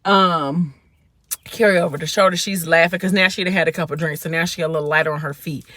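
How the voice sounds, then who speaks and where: A woman's voice: sits low, fairly even intonation, fast, fairly bright tone, dry recording. A woman vlogger casually retelling a book's plot while eating in her car, chatting with lots of fillers. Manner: chatty storytelling with many fillers. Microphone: phone.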